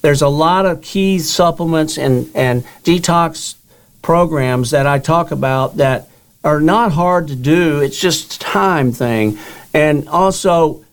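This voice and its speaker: A man's voice: fairly high pitch, takes it slowly, smooth. An older man, a guest author, telling his own story in an interview and acting out the dialogue he quotes.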